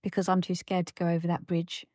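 An older woman co-hosting a casual home podcast with her husband, teasing him in a brisk, wry way. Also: fairly low pitch, completely flat delivery, dark tone, dry recording, studio quality. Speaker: podcast co-host. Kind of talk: casual chat.

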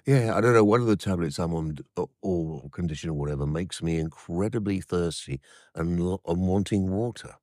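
An older man, co-hosting a casual chat, talking haltingly with many restarts and fillers. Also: deep voice, dark tone, no echo, clean studio sound. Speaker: podcast co-host.

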